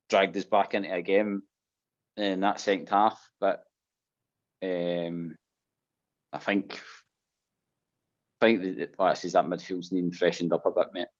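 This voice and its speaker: A Scottish man co-hosting a fan phone-in, rambling with lots of restarts and frequent "mate" and "aye". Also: low-pitched. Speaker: co-host of a fan phone-in show. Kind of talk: casual chat. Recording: muffled lo-fi audio.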